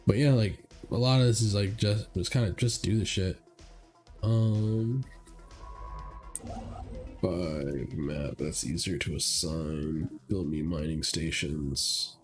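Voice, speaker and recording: A man's voice: low voice, slow pace, a little mellow, soft background music. Stuffed-up young man streaming a game. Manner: rambling, full of fillers like "like" and "uh". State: stuffed-up nose. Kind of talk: casual gameplay commentary.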